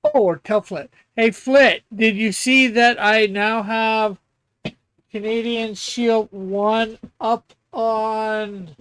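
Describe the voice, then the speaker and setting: A man's voice: sits high, steady tone, slow pace, fairly bright tone, clean tone. A man hosting a casual live stream, chatting, laughing easily and reading viewer messages aloud. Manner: laughs often, reads chat messages aloud. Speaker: comic artist and stream host.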